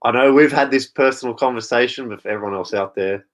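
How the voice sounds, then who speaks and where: A man's voice: medium pitch, fast. A man with an Australian accent, a guest on a podcast, talking in an easygoing, matter-of-fact way over a video call. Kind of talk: casual chat.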